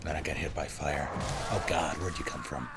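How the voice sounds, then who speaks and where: A man with a very deep voice like a movie trailer narrator, chatting casually while playing a game on stream. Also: moderate pace, over loud music. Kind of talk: casual gaming chat.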